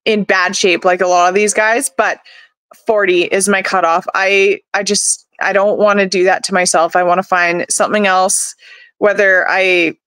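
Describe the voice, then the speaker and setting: A woman's voice: medium pitch, flat delivery, moderate pace, fairly bright tone, smooth, no echo. A woman in her thirties, an oilfield rig mover, speaking frankly and with determination as a podcast guest. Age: 30s. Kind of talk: casual interview chat.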